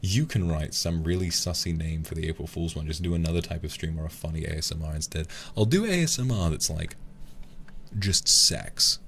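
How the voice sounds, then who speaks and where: A man's voice: rumbling low, flat delivery, a little fast, vocal fry, a bit bright, a little hiss or hum. A man chatting casually to his stream viewers in a rambling, playful way, often laughing.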